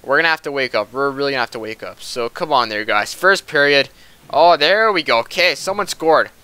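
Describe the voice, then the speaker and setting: A man's voice: medium pitch, animated, fairly quick, sharp tone, clear, resonant tone. A young man giving casual commentary over a hockey video game, frustrated and ranting with swearing. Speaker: gaming commentator.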